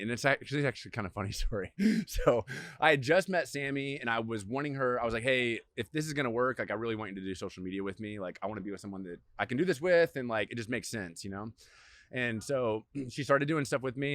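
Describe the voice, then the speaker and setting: A man's voice: mid-range voice, fairly bright tone. A young man guesting on a podcast, chatting in a laid-back, slangy, agreeable way. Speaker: podcast guest, social media creator. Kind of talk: casual podcast chat.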